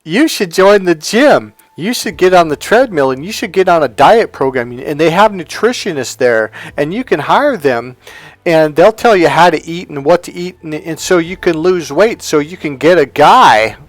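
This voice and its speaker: Man imitating a clueless husband, blunt, earnest, raised pitch, loud. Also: animated, normal speed, dry recording, lightly acted. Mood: lecturing. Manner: earnest, bewildered. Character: blunt, oblivious middle-aged husband. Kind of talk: acted quote in storytelling.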